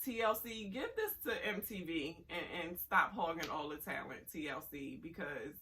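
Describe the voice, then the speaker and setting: Sassy bright-voiced woman reviewer. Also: fairly low pitch, expressive, moderate pace, distant mic, a little hiss or hum, low-quality recording. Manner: sassy, blunt, exasperated. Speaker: reality TV reviewer. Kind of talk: casual review commentary.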